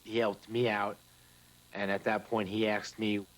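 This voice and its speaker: A man's voice: on the low side, flat delivery, a little slow, slight background noise, poor audio. A man, a firefighter, telling a wry anecdote in a documentary interview. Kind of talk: first-hand account in a documentary interview.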